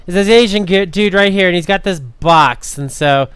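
A man hosting a podcast, telling convention stories in an animated, chatty way with lots of fillers and laughter. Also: high voice, normal speed, clear, resonant tone, dry recording. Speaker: podcast host. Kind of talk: casual storytelling chat.

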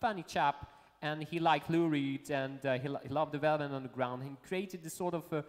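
Rambling French-accented man in a reverberant room. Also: fairly high pitch. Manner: rambling, halting, repeats words, laughs often. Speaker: show host. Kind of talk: casual live show chat.

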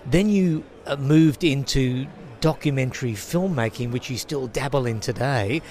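A man's voice: mid-range voice, moderate pace, darkish tone. A male radio interviewer asking conversational questions with brief hesitations.

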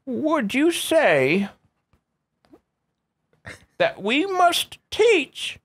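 A man voicing a pompous old-timey male missionary, drawing out his words slowly and loftily during a party game. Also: extremely high pitch, wildly swooping pitch, fairly bright tone, pitched above the performer's own voice, full character voice. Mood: solemn.

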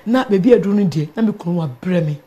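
A middle-aged woman with a Ghanaian accent, a pastor sharing a personal testimony in an animated storytelling manner, switching between English and Twi. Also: on the low side, fast talker, lo-fi sound. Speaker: pastor and guest.

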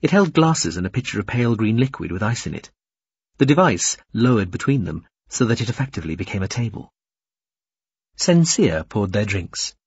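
A man narrating an audiobook in an expressive, varied reading. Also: lowish voice, moderate pace, breathy edge, no room sound, dull audio. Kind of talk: scripted narration.

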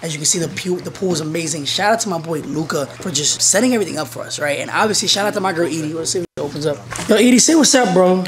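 A man vlogging casually with friends, joking around, his voice going hoarse. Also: on the high side, lively intonation, very fast, few pauses, a crowd in the background. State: losing his voice. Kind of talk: casual vlog chat. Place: rental villa indoors.

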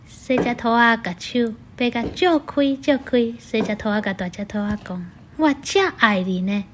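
A woman from Taiwan gently retelling a children's story in simple words. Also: a little high, moderate pace, slight background noise.

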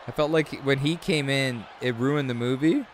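A man in his thirties giving excitable, rambling commentary over a video game, full of chatty asides. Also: medium pitch, moderate pace, a little hiss or hum. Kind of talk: casual gameplay commentary.

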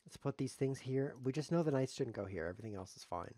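A man's voice: mid-range voice, animated, fast talker, dark tone, no room sound. A man streaming live chess, commenting on his games in a sarcastic, joking way as he plays. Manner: sarcastic, joking, talks to himself while playing.

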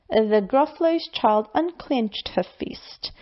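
A woman reading a rhyming children's bedtime story aloud in a slow, lilting, expressive way. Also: on the high side, highs cut off.

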